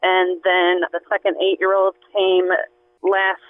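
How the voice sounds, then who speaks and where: A woman's voice: fairly low pitch, monotone, takes it slowly, no echo. Woman asking over a tinny phone line. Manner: earnest, searching, trailing off with fillers. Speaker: caller. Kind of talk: phone-in question.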